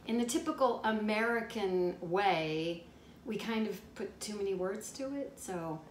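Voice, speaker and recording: A woman's voice: medium pitch, expressive, measured pace. A middle-aged woman vlogger chatting enthusiastically with viewers from her kitchen at home. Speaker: lifestyle vlogger. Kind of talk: casual chat to viewers. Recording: echoey kitchen with faint background noise.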